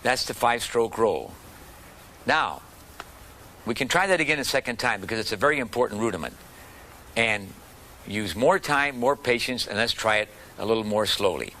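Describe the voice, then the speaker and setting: A man teaching a beginner drum lesson, calmly calling out stick strokes and explaining rudiments. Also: on the low side, normal speed, long pauses, slight background noise. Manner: calm, patient, counting and calling out strokes. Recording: drumming heard behind the voice. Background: snare drum rudiments played along.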